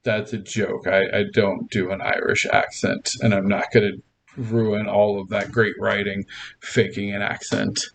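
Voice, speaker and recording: A man's voice: on the low side, little pitch movement, a little slow, creaky, a little hiss or hum. A man hosting a casual livestream, chatting with viewers in a rambling, playful way, laughing often and restarting his sentences. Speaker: livestream host.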